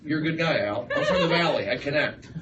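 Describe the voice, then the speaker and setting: A man doing a rambling stand-up set, riffing excitably on the crowd in a small comedy room. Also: fairly high pitch, quick pace, dull audio. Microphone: far live-stream phone mic. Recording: echoey, distant livestream with room noise.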